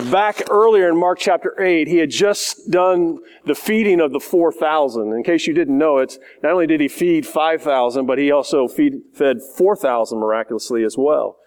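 Casting: male pastor, a bit higher-pitched, earnest sermon delivery with frequent restarts. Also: darkish tone. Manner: earnest, repeats words while building points.

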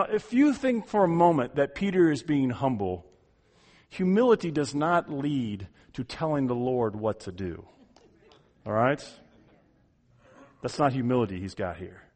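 A man preaching an expository sermon, emphatic and given to repeating words as he drives home a point. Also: medium pitch. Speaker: pastor.

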